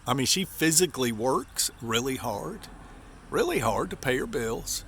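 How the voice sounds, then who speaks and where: A man in his fifties from Appalachia rants to his vlog audience, aggravated and folksy, circling back to the same words. His voice is gravelly and sits in a middle register, breaking into sudden high yelps when he gets worked up. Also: big pitch swings, unhurried, fairly bright tone. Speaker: vlogger. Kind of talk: ranting to camera.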